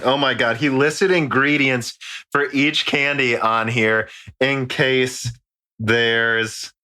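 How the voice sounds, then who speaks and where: A tired American man hosts a podcast in loose, joking banter, swearing freely as he goes. His voice has a bright, forceful edge that cuts through. The talk stays giddy and offhand. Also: medium pitch. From United States. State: tired from a late recording. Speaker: podcast host. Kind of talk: casual chat. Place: home studio in quarantine.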